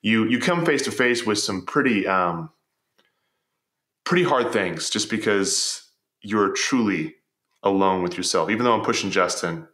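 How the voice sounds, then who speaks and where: A man's voice: on the low side, expressive, measured pace, a bit bright, roomy sound. A man telling stories as a podcast guest, earnest and reflective, often repeating words as he starts a thought. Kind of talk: storytelling in conversation.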